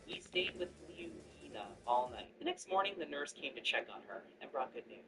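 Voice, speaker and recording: A man narrating a first-person family story in an earnest, lively way. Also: on the high side, fairly quick, few pauses, background noise. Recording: distant mic with background music.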